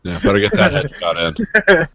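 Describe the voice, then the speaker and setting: A man's voice: on the high side, huge pitch swings, measured pace, bright, forceful tone, no room sound. A man co-hosting a podcast in casual chat, asking questions and making wry, dry jokes. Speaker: podcast co-host.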